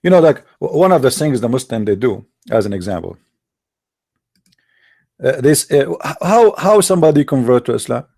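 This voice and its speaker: A man's voice: mid-range voice, expressive, moderate pace, creaky, dark tone. A man hosting an online stream, mocking his opponents with sarcastic, taunting rhetorical questions into a computer mic. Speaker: live-stream host debating callers. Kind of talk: mocking polemic monologue.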